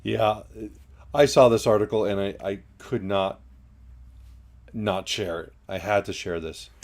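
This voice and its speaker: Casting: male co-host, fairly low voice, blunt and opinionated, casual chat. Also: measured pace.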